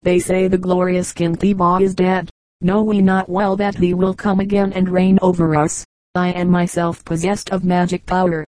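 A woman's voice: fairly low pitch, level tone, normal speed, a little mellow, dry recording, close to an everyday voice, low-quality recording. A woman voicing a boastful fanatic priest. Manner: grandiose, boastful.

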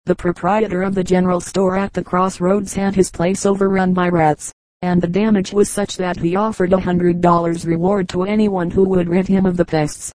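Woman audiobook reader, measured delivery, warm dark tone, dry close sound. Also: fairly low pitch, flat delivery, dry recording, poor audio. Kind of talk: scripted narration.

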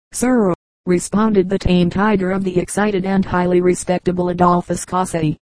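A woman reading a classic novel aloud as an audiobook narrator, in a steady, even reading voice. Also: lowish voice, no room sound, rough recording. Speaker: audiobook reader. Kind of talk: scripted narration.

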